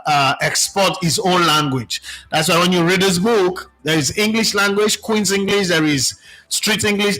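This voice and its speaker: A middle-aged Nigerian man hosting a talk show, telling stories in a lively, animated way and slipping into pidgin. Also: sits high, low-quality recording. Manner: animated, switches into pidgin, many restarts. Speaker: host. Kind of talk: casual storytelling monologue.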